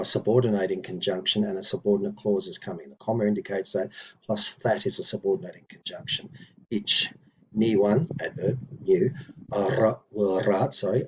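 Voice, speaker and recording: A man teaching an Old English lesson in an unhurried, explanatory way, with frequent fillers and self-corrections. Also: lowish voice, darkish tone, a little hiss or hum, low-quality recording. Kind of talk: informal recorded lesson, reading and explaining text.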